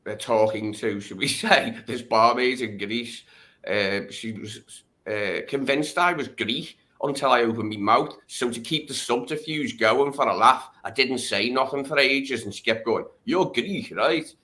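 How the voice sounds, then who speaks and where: Bright-voiced Scouse man, chatty. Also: medium pitch, measured pace. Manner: chatty, self-mocking, with fillers. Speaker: guest. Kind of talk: casual chat.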